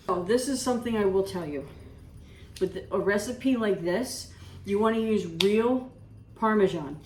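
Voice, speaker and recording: A woman's voice: mid-range voice, animated, moderate pace, a little mellow, distant mic, slight background noise. Chatty woman cooking in an echoey kitchen. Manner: chatty, rambling anecdotes with reenacted dialogue. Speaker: cooking show host. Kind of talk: casual cooking vlog storytelling. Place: home kitchen. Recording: roomy kitchen audio from off-mic.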